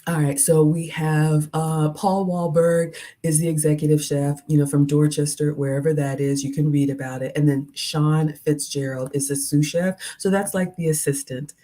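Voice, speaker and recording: A woman's voice: low voice, flat delivery, moderate pace, few pauses, dark tone. A woman, hosting a casual livestream, chatting, reading viewer comments aloud and laughing at herself. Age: 40s. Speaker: livestream host reviewing a restaurant.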